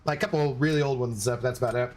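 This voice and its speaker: A man's voice: medium pitch, very fast, darkish tone. A man chatting casually on a gaming livestream, laughing often, swearing loosely and thanking viewers by name. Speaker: streamer.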